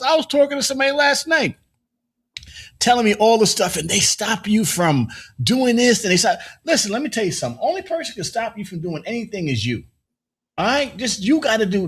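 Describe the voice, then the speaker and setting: A man's voice: high voice, sing-song, fast, a bit bright, husky. A man co-hosting a casual podcast, ranting with profanity and laughter. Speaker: co-host.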